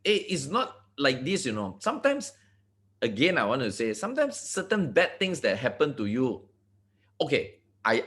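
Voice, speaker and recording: A man from Malaysia giving a motivational talk to an online group. He talks to the audience directly, asks for agreement, and often repeats words and restarts his sentences. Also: normal speed. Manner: animated, swinging pitch, repeats words and restarts. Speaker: motivational speaker.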